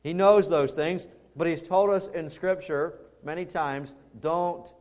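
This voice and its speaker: Male pastor, fairly high-pitched, conversational sermon with loud emphatic peaks. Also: measured pace.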